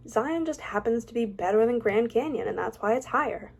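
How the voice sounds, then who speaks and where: A woman's voice: fairly high pitch, lively intonation, brisk, vocal fry, breathy edge. Chatty young woman vlogger. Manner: chatty and opinionated, with self-mocking asides. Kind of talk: casual ranking vlog, reading facts aloud.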